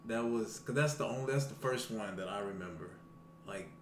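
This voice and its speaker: A man's voice: lowish voice, fairly quick. A man hosting a casual podcast conversation, prompting his guests with easygoing questions. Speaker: host. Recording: echoey room with crowd noise.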